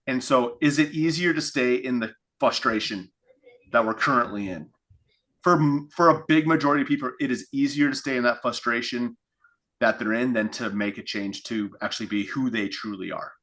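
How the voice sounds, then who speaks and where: A man's voice: medium pitch, moderate pace, bright, forceful tone. A man giving a reflective coaching talk, thinking aloud with restarts and acting out inner thoughts in quotes. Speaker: fitness coach. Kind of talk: coaching call monologue.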